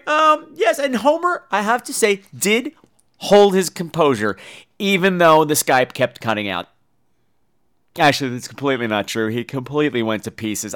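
A man's voice: medium pitch, expressive, moderate pace, fairly bright tone. A man hosting a podcast in a playful, cheeky, joking manner. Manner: playful and cheeky, swears for laughs. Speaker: podcast host. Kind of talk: casual chat.

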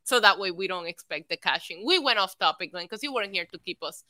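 A woman co-hosting a casual podcast, chatty and quick to laugh. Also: medium pitch, animated, sharp tone, dry recording. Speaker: podcast co-host.

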